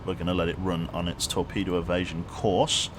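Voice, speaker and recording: A man with a low, fairly flat voice talks at a quick clip while streaming a submarine game. He rambles casually in a wry, self-mocking way, with dry humor running through his live commentary. A noisy hum sits in the background.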